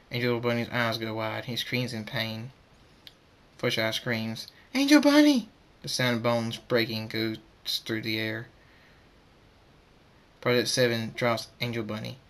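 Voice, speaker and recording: A man reading an amateur fan story aloud in a middling voice. He reads in a halting way, with frequent stammers and restarts. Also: mid-range voice, pushed and bright. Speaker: narrator.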